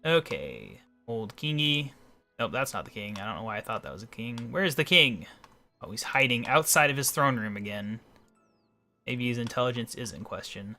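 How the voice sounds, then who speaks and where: A man's voice: medium pitch, very animated, moderate pace, bright, forceful tone, faint music behind. A man giving rambling, casual commentary while playing a video game. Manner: rambling, talks to himself. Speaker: video game let's player.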